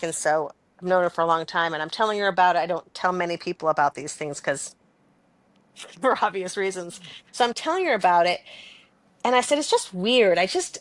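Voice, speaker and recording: A woman's voice: lowish voice, dry recording. Chatty woman telling a story. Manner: animated, chatty, laughs often. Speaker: podcast co-host. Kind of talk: casual storytelling chat.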